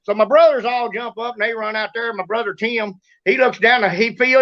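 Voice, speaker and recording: A man with a Kentucky Southern accent telling a story as host, excitable and drawling, acting out sounds and shouts. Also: very high voice, brisk, few pauses, highs cut off. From Kentucky, USA. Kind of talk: animated storytelling.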